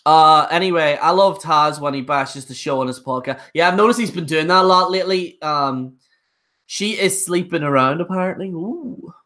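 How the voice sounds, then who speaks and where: A young man ranting on a live stream, blunt and rambling, who often trips over his words and starts again. His voice is bright and forward, and he delivers his opinions with casual bluntness. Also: on the high side, normal speed. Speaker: wrestling show reviewer.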